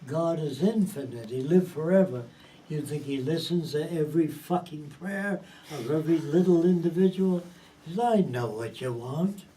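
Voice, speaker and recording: Speaking at a moderate pace in a warm, somewhat high voice, a lecturer talks informally to a handful of people. His delivery is forceful and full of swearing, and he keeps asking if they follow him. It's recorded from a distance with a faint background hiss.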